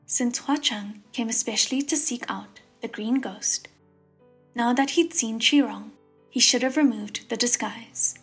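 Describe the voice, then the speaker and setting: A woman narrating a fantasy audiobook in a steady, unhurried reading voice that is husky. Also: fairly high pitch. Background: soft piano music.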